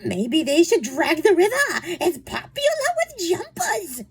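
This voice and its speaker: A woman's voice: very high voice, big pitch swings, measured pace, vocal fry, pitched above the performer's own voice, heavily acted. A woman imitating a cheerful English maid, with a put-on English accent and a gleeful, sing-song manner.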